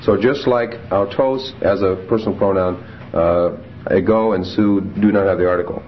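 Man, low voice, classroom lecture, slow Greek readings then explanations, dull lo-fi tape with faint hiss. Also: steady tone. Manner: reads Greek slowly then explains, fillers. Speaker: Greek teacher.

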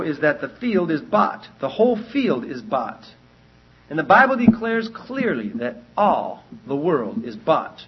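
In a slightly high, breathy voice, a man leads a Bible study, earnestly going back over his main points. He frequently restarts while reasoning things out, and the recording is dull and lo-fi.

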